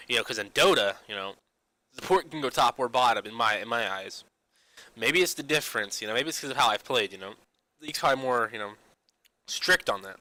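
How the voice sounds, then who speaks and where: Talking fast in a very bright, sharp-edged, mid-range voice with lively intonation, a young gaming vlogger crams "you know" into almost every phrase. His loose, rambling rant is full of restarts and casual swearing, and the audio is poor, dry and close with no room sound.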